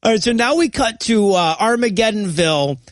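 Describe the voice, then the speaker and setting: A man's voice: high voice, expressive, brisk, no room sound. A man co-hosting a comedy podcast, giving wry, mocking commentary in casual banter.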